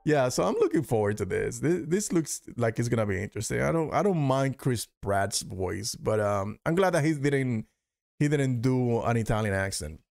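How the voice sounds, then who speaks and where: Male host, gravelly, dry-sounding, loose and profane, reacts to trailers. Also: mid-range voice, lively intonation, normal speed, a little mellow, no echo. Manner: profane, rambling, laughs often. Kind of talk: casual commentary reacting to trailers.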